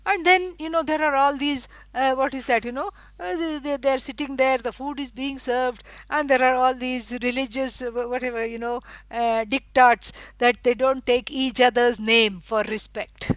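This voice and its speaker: A middle-aged woman teaching a scripture lecture. She explains at length, fills pauses with "you know" and stresses words for emphasis. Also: high voice, fairly even intonation, no echo, rough recording. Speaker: Vedanta teacher.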